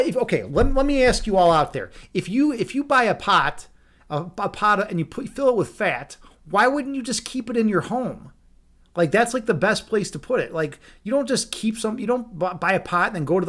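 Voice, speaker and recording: High-voiced man reading and riffing. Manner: rambling, incredulous asides with restarts. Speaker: streamer reading a fairy tale. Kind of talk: casual read-aloud with commentary.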